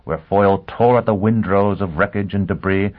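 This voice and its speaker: An audiobook narrator with a fairly low voice reads a scripted story in a steady, measured manner. The recording has a tinny, phone-like sound.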